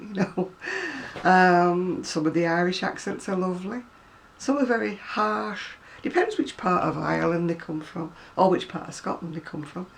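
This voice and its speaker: A woman's voice: on the low side, creaky, slight background noise. A middle-aged woman with a Manchester accent, chatting casually to camera and laughing often. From Northern England. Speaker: vlogger.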